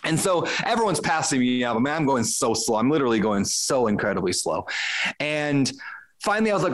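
Man telling an animated story. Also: mid-range voice, fairly quick. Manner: animated, acts out his own thoughts mid-story; frequent restarts and fillers. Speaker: podcast guest. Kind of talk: casual conversational storytelling.

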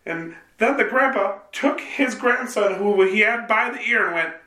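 Man, podcast co-host, high voice, lively pitch, echoey room. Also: moderate pace. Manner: storytelling, acts out other people in quotes. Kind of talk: casual comedic podcast chat.

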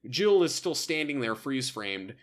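A man co-hosting a podcast, casually recapping a sitcom episode and acting out quotes in squeaky voices. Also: very animated, measured pace. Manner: rambling, acts out quotes in high-pitched voices. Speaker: podcast co-host.

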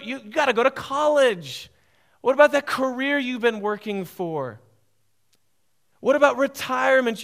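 A man doing a coaxing Satan, high and pushy. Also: gravelly, a bit bright, heavily acted. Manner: wheedling, rising rhetorical questions. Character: coaxing male tempter, the devil, sly and pushy.

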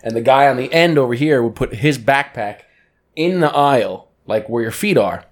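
A young man co-hosting a podcast in relaxed chat. He talks loosely and jokes around, dropping curse words along the way. His voice sits at an ordinary middle pitch. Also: moderate pace. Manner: loose, joking, swears often. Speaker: podcast co-host. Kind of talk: casual chat.

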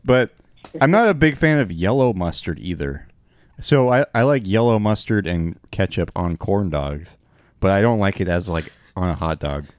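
A man co-hosting a podcast, relaxed and quick to laugh along. His voice sits low. It is recorded dry and close. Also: no room sound. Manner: easygoing, laughs often. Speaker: podcast co-host. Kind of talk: casual chat.

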